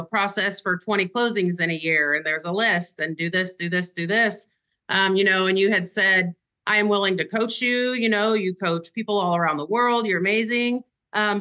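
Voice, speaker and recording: A woman's voice: mid-range voice, bright, forceful tone. A woman who works as a real estate agent, speaking casually and candidly in a podcast conversation, often stopping to say "you know".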